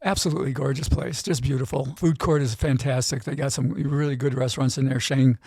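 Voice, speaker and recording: A middle-aged gambling expert, appearing as a guest in a casual interview, tells an animated story and often tags his lines with "right?". His mid-range voice is husky and fairly quick, captured in clean studio sound with no room sound.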